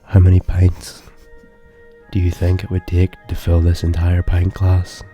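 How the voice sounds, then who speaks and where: A man voicing a brewery tour guide who yells insults slowly and loudly. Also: low voice, fairly even intonation, faint music behind. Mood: angry yelling. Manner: yelling insults, slow and loud. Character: abusive shouting male brewery tour guide.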